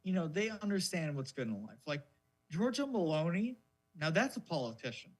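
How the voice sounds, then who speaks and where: Man, podcast co-host, casual chat, profane mocking rant, lively pitch, husky. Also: moderate pace.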